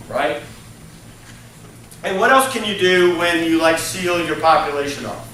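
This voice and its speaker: A man's voice: fairly high pitch, unhurried, long pauses, sharp tone, a little hiss or hum. A male college lecturer giving a conversational classroom lecture, tagging his points with "okay?" and "right?", recorded on a distant mic in an echoey classroom. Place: lecture room.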